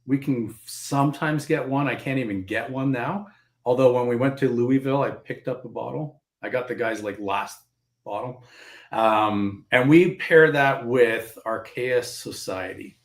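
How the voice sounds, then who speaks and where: This Canadian man, a panelist on a live whiskey and board game show, talks in a medium pitch at a slightly slow pace. His chatter is casual and eager, wandering with fillers, and the recording carries a roomy echo.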